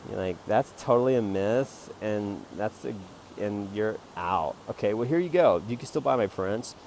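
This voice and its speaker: At a moderate pace, a man with a somewhat low, gravelly voice rambles through a jokey, self-promoting pitch for his photo prints as an amateur photographer. He swings between loud, excited bursts and quiet mutters while faint vehicle noise hums in the background.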